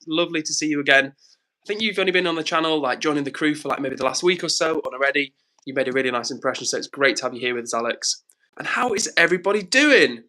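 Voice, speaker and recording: A man's voice: fairly high pitch, sharp tone, poor audio. A young man hosting a live stream, cheerfully greeting viewers by name and reading out their comments, slightly out of breath. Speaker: livestream host.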